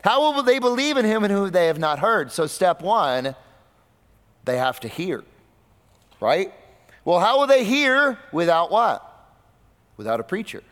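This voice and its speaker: A man preaching a sermon, asking his listeners rhetorical questions and swinging between loud, high bursts and low, quiet stretches. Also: big pitch swings, measured pace, pauses often. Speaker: pastor. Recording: long reverb of a hall.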